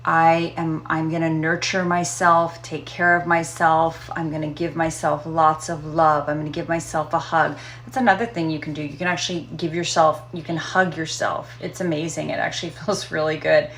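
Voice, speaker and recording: Low gravelly voice, a woman coaching gently. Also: level tone, a little hiss or hum. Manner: gentle, coaching, with many fillers and pauses. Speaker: trauma recovery coach. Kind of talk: casual self-help talk.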